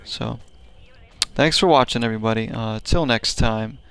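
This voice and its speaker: A man's voice: medium pitch, moderate pace, creaky, a bit bright, clear, resonant tone. A man chatting casually as he streams a video game, laid-back and rambling with fillers. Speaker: gaming streamer.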